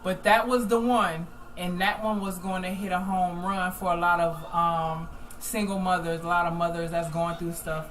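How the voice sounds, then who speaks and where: A woman hosting a group call, telling a story in a loud, emotional, animated way. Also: fairly low pitch, moderate pace, slight background noise, poor audio. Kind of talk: casual storytelling chat.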